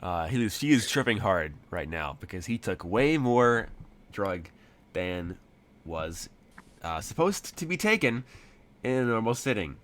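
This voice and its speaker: A man runs a tabletop game, narrating in a somewhat low voice. He wanders through his descriptions, full of fillers and restarts. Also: very animated, a little slow, a bit bright. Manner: rambling, many fillers. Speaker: game master.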